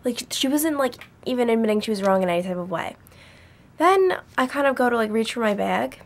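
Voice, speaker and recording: A woman's voice: on the high side, animated, fast talker. A young adult woman vlogging from her dorm bedroom, telling a story in a chatty, rambling way full of "like". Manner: chatty, rambling, heavy use of "like". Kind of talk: casual storytime chat.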